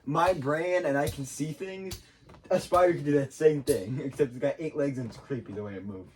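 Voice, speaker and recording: Giggly young man, slightly high voice. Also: normal speed, darkish tone. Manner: giggly, teasing, rambling. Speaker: podcast co-host. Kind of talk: casual chat.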